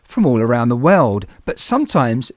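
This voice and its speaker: A man's voice: medium pitch, very animated, moderate pace, dry recording, clean studio sound. A man hosting a podcast, chatty and rambling, with many restarts. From England. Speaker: podcast host. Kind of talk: casual interview chat.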